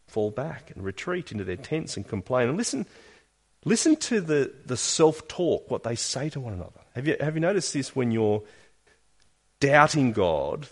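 Man, pastor, sermon, earnest, questioning, swings between emphatic and hushed. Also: mid-range voice, slightly rough. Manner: earnest, questioning, with emphatic rises and quiet drops.

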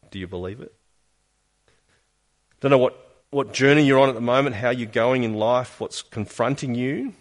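Male pastor mid-sermon: earnest, probing questions, emphatic peaks and soft asides. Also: medium pitch, normal speed. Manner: earnest, questioning, with emphatic rises and quiet drops.

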